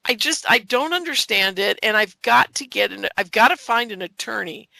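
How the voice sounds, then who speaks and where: An American woman in her sixties talks straight to her viewers in a rambling, indignant monologue. Her voice is gravelly and has a bright, sharp edge. The sound is dry and close, with no room around it. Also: fairly high pitch, lively intonation, normal speed, no echo, poor audio. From United States. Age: 60s. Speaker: show host. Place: California.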